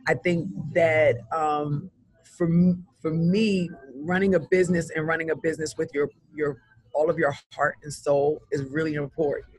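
A man's voice: on the high side, flat delivery, normal speed, slightly rough, dry recording. A man, a business coach, telling an earnest, heartfelt story in a casual interview. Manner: earnest, heartfelt, rambling with restarts.

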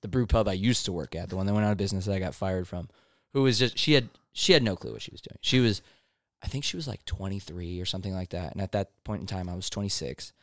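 Young man, low voice, dry close sound, swearing, casual storytelling. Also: lively intonation, quick pace, no room sound. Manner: profane, storytelling with quoted voices. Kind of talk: casual chat.

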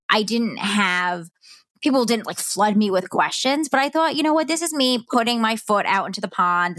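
Middle-aged woman, candid podcast storyteller, mid pitch, dry close sound. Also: no room sound. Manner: candid, conversational, heartfelt. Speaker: podcast host. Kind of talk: personal storytelling monologue.

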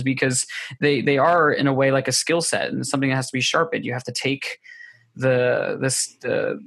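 Flat-voiced man sharing reflectively. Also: medium pitch, no room sound. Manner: reflective, searching for words, many restarts. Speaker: podcast guest. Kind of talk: candid personal conversation.

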